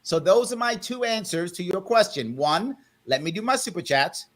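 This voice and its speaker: A man hosting a live panel talk show by video call, calmly but firmly trying to settle a heated guest. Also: high voice, moderate pace. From South Bronx, New York. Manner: firm, tries to calm a heated guest. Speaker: host.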